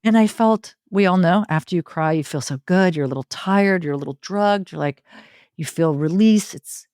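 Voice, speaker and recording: Expressive middle-aged woman, low dry voice. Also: normal speed, no echo. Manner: expressive storytelling, lists in long rhythmic runs. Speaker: podcast guest, circle facilitator. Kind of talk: conversational interview.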